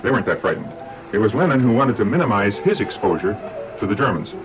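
An older man narrates a history documentary in a measured, deliberate way, dropping in dry, wry remarks. His voice sits low, with faint music running beneath. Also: very animated, rough recording. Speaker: documentary presenter.

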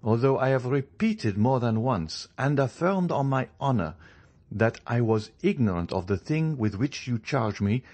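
A man voicing a calm, faintly mocking young male journalist in an audiobook, speaking in a composed, measured way. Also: fairly low pitch, voice pushed up. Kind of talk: audiobook character reading.

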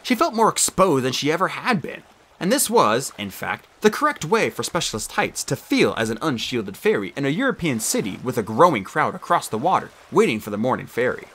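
A man reading a children's novel aloud as an audiobook narrator, expressive and animated. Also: mid-range voice, brisk.

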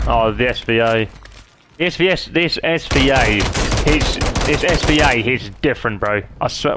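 Male streamer, mid-pitched, swears constantly while trash-talking. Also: normal speed, noisy background. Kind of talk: live gaming commentary.

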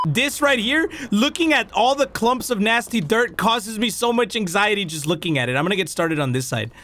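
A man giving casual, joking commentary while playing a cleaning game, excitable and talking to the objects on screen, mixing Spanish words into his English. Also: high-pitched, normal speed, slight background noise. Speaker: gaming video creator.

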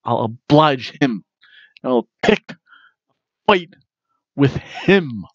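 A man doing an impression of a brooding male wrestler, speaking slowly in a low, menacing way. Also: expressive, no echo, lo-fi sound.

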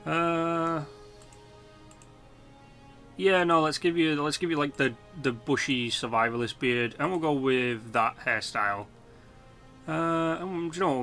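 A man's voice: medium pitch, bright, forceful tone. A man hosting a casual let's-play video, chatting loosely with lots of fillers and the odd swear. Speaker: gaming video host.

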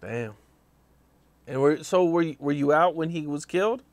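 A man's voice: fairly high pitch, normal speed. A man hosting an interview, asking short plain questions and reacting briefly.

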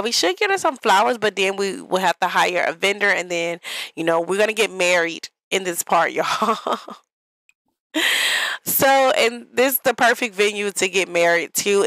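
A chatty young woman narrates her life-sim game to her viewers in an easy, drawn-out way. Her voice sits in the middle of her range, and the sound is close and dry, with no room around it. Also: mid-range voice, gravelly, fairly bright tone, no room sound, rough recording. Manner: chatty, talks straight to viewers as "y'all". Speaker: gaming vlogger. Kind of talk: casual gameplay commentary.

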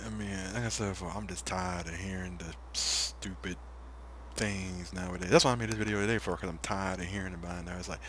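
Fast-talking, low-voiced fed-up man. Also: fairly even intonation, fairly bright tone, a little hiss or hum. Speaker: co-host friend. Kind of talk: casual chat with a friend.

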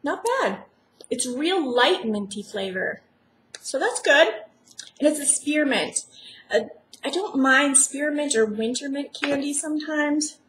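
A chatty woman vlogger with a high voice unboxes a package in casual, rambling talk, gushing over each item. She speaks slowly and unhurriedly. The sound is echoey, with faint noise underneath. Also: animated, a bit bright.

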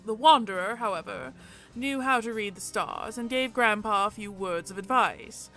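A woman hosts a let's play and reads a visual novel's narration in a soft, measured way. Her voice sits at a middling pitch, with faint music underneath. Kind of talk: reading game narration aloud.

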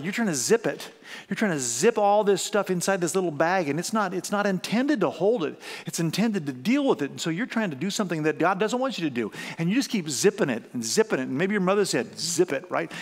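A male pastor giving a sermon, lively storytelling with questions to the congregation. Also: high voice, big-room sound. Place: church auditorium.

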